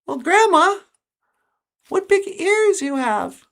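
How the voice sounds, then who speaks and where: A woman voicing a wary young girl in a red hood in a storybook tale, asking quick questions. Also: very high voice, very animated, creaky, voice pushed up, heavily acted. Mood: puzzled.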